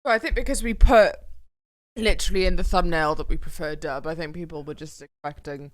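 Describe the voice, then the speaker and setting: A man's voice: on the high side, a little fast. A young man co-hosting a casual podcast chat, joking with dry sarcasm. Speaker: podcast co-host.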